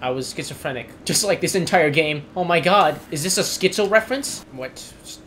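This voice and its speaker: A man's voice: fairly high pitch, animated, normal speed, fairly bright tone, slight background noise. A young man giving sarcastic, swearing commentary while playing a video game. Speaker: gameplay streamer. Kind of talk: gameplay commentary.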